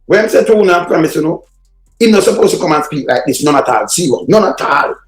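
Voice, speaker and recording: A man with a Jamaican Patois accent rants at top speed, his voice pitched high as he swears and hurls insults. He is hosting a reaction show from an echoey room, with faint music behind him. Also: lively intonation, quick pace. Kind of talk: heated commentary on played clips.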